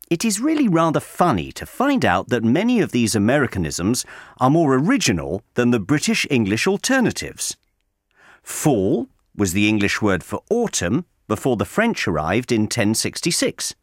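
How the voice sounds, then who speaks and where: Male correspondent, scripted learner-audio read, wry and measured, very lively pitch, dry close sound. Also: dry recording. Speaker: correspondent reading a regular letter. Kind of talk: scripted narration for English learners.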